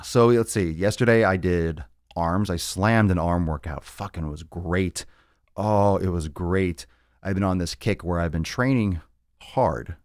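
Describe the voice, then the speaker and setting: A man's voice: deep voice, a little mellow, dry recording, clean studio sound. A man hosting a live fitness podcast, talking in a rambling, joking way with plenty of swearing. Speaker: podcast host. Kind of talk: casual live-stream monologue.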